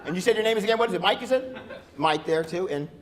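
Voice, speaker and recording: A man with a high-pitched voice and lively intonation talks at a quick pace, doing brash, loud, punchy stand-up on a club stage with a handheld mic and working the crowd. It's a live club recording, with audience laughter and room noise in the background.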